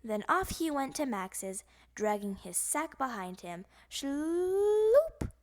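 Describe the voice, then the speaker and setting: Slow, animated woman reading a children's book. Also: mid-range voice. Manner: animated, playful sound words. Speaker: storybook reader. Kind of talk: children's picture book read-aloud.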